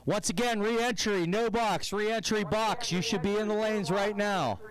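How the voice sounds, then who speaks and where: A man from the Pittsburgh area announcing races at an outdoor drag strip over a loudspeaker, chatty and joking at his own expense. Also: high voice, measured pace, poor audio. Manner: jokey, chatty, self-deprecating. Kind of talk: live race commentary over a loudspeaker. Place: outdoor drag racing track. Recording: outdoor crowd noise behind.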